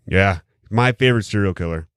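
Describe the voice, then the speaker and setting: A man's voice: deep voice, a little fast, clean tone, dry recording. A man hosting a casual podcast, rambling and joking with heavy profanity, recorded close on a studio mic. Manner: rambling, heavily profane, jokey. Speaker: podcast host. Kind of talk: casual chat.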